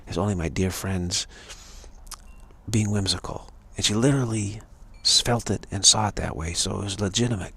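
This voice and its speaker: A man's voice: lowish voice, normal speed, fairly bright tone, husky. A man giving a rambling spiritual talk on a live stream, repeating himself and restarting words often. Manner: repetitive, stumbling restarts, earnest. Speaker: spiritual teacher.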